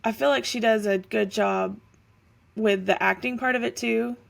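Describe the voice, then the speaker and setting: A woman's voice: a little high, fairly even intonation, normal speed, vocal fry. A woman co-hosting a podcast, chatting casually and thinking aloud with many fillers. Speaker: podcast co-host. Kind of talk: casual chat.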